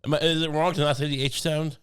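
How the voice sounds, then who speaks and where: A young man with a smooth, resonant voice, sitting a bit high for a man. He co-hosts a podcast and jokes in a deadpan, rambling way, restarting his sentences often. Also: quick pace. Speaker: podcast co-host. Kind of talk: casual comedic chat. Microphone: studio podcast mic.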